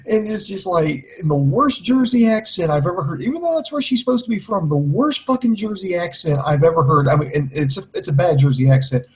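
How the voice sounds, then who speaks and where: Man, fairly high voice, heated mocking rant, profane, casual review podcast. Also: lively intonation, brisk, hardly any pauses, rough recording. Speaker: wrestling show reviewer.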